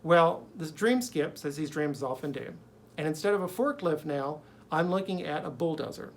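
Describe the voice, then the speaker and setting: A man's voice: a little high, animated, moderate pace, slight background noise. Rambling man retelling a dream. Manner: rambling, conversational storytelling with frequent fillers and blunt swearing. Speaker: video creator recounting a dream. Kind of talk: casual spoken dream retelling.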